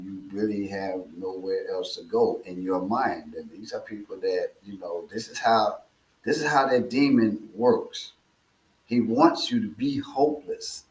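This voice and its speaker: Male preacher, slow and deliberate, low-pitched, telling a parable in an echoey room. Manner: slow and deliberate, with filler uhs and repeated phrases. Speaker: speaker.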